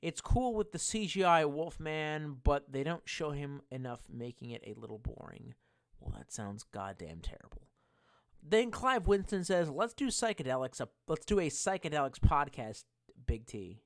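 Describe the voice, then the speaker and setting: Drunk guy on a stream reading chat, swears a ton, kinda high voice, bounces all over. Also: very animated, moderate pace. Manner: profane, rambling, loud outbursts. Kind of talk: casual live-stream chat.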